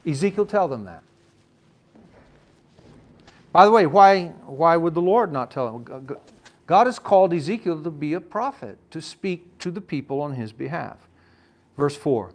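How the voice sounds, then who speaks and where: Man, Bible study teacher, conversational, asks the room questions, lively loud-soft swings, slightly high voice. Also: moderate pace. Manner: conversational, addresses listeners by name, asks questions.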